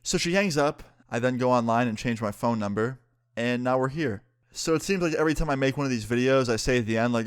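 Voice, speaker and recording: A man telling a personal story in a casual story-time vlog, animated and full of swearing. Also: medium pitch, quick pace, clean tone.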